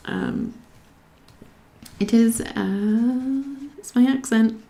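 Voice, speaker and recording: A woman's voice: fairly high pitch, fairly even intonation, drawn-out words, gravelly, warm tone. A young woman from Scotland chatting casually to her live-stream viewers while she colours, reading out their comments and talking to herself as she works.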